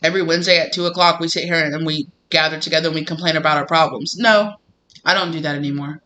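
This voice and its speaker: Bright, animated male tarot reader. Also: a little high, fast. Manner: animated and emphatic, often laughing. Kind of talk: casual tarot reading to camera.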